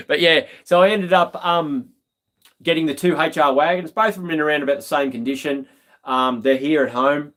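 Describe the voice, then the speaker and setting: A man's voice: a little high, moderate pace, fairly bright tone. An Australian man hosting a live stream, telling stories in a laid-back, slangy way with lots of ums. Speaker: livestream host. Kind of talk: casual live-stream chat.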